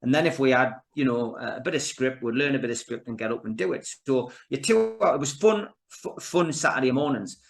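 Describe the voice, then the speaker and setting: A fifty-year-old man with a Geordie accent, relaxed and chatty. He spins long anecdotes in a mid-pitched, everyday voice, as a guest on an informal podcast. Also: brisk, vocal fry, few pauses. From Newcastle, England. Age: 50s. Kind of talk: casual podcast interview.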